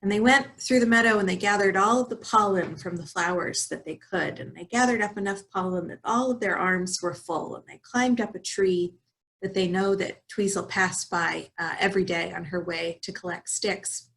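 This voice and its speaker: A woman pastor telling a fable during a sermon, in a gentle manner with hesitant fillers. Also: medium pitch, normal speed, creaky. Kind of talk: storytelling in a sermon.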